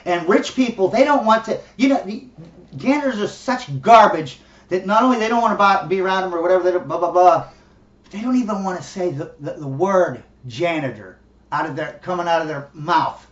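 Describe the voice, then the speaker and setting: A middle-aged man rants bluntly and profanely, with a high voice and short laughs between his points. He sounds far from the microphone, in an echoey room. The recording is dull and lo-fi. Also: expressive, a little fast. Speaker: commentary host. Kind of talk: casual ranting monologue.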